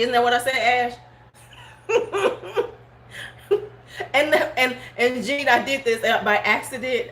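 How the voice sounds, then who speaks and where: A middle-aged beauty vlogger with a slightly bright voice on the high side hosts a casual livestream. She talks frankly and bluntly, often laughing and answering live chat comments, in a roomy room at home with faint background noise.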